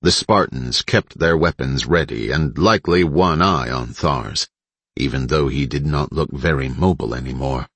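A man reading an audiobook in a steady, dramatic narrating style on a close mic. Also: very deep voice, normal speed, husky, dry recording. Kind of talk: scripted narration.

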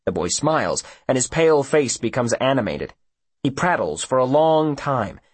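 A male audiobook narrator with a husky voice and a lively, rising and falling delivery. He tells the story expressively, recorded close and dry with no room sound. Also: mid-range voice, moderate pace, no room sound. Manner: expressive storyteller voicing each character.

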